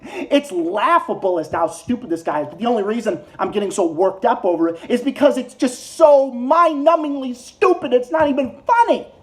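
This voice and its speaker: A man's voice: very high-pitched, expressive, moderate pace. An American man ranting angrily at a politician, heated and profane, repeating his insults over and over. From United States. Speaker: political commentary vlogger. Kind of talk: angry ranting monologue.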